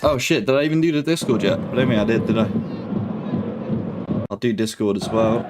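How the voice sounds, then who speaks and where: A young man chats casually from home on a live football watch-along stream, speaking fairly quickly at medium pitch. He's full of slang and reads comments from his chat, with faint music behind him.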